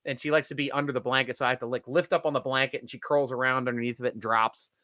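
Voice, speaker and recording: Bright, joking man hosting a podcast. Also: medium pitch, steady tone, very fast, no echo, clean studio sound. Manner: jokey, laughs a lot, announcer-style guest intros. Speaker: podcast host. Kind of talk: casual chat.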